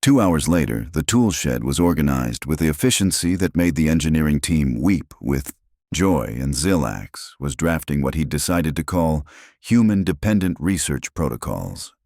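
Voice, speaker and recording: A man reads a science fiction story aloud with a very low voice. His delivery swings widely in pitch as he tells it. The recording is close and dry. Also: expressive, normal speed, darkish tone, no room sound. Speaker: narrator. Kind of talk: scripted narration.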